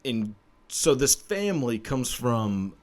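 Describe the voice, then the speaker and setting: A man's voice: medium pitch, very animated, slow pace. A young man, hosting a profane, rambling comedy chat about a true-crime story and laughing at his own jokes. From Texas. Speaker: podcast host.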